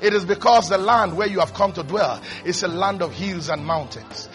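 Fervent preacher, high voice. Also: male voice, normal speed, soft background music. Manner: fervent, repetitive, rising to shouts. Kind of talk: sermon.

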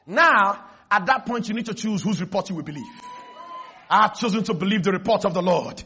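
A man preaching a sermon, often shouting and calling on the congregation to respond. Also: sits high, fairly quick, a faint crowd. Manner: shouting, call-and-response exhortation.

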